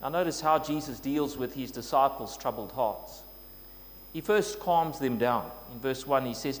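A man's voice: medium pitch, moderate pace. A man preaching a sermon in an earnest way, building to emphatic scripture quotes. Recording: long reverb, faint noise with hum.

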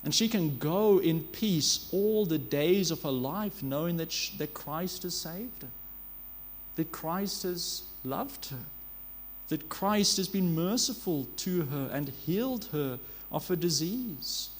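High-voiced man preaching earnestly. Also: expressive, takes it slowly. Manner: earnest, with frequent self-corrections and rhetorical questions. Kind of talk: sermon.

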